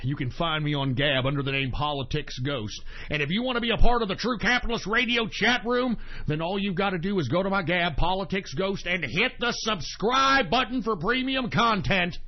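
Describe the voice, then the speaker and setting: A man with a high, gravelly, husky voice rants as an internet radio host, cursing nonstop and lurching between screaming fits and sour low mutters. He sounds agitated and a few beers in. The stream audio is dull and lo-fi. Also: moderate pace, few pauses. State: drinking beer, agitated. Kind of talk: angry profane on-air rant.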